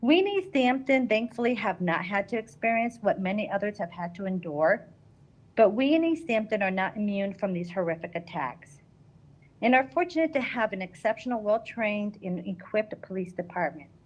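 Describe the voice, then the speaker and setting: A woman's voice: mid-range voice, expressive, moderate pace, rough recording. A woman, giving a prepared public comment at a city council meeting and reading her statement earnestly.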